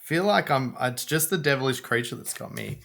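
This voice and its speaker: A man with a gravelly, fry-heavy voice jokes around on a casual podcast. He mumbles and trails off as he thinks, at an ordinary middle pitch. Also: animated, moderate pace, fairly bright tone. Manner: joking, mumbling while thinking. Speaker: podcast co-host. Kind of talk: casual chat.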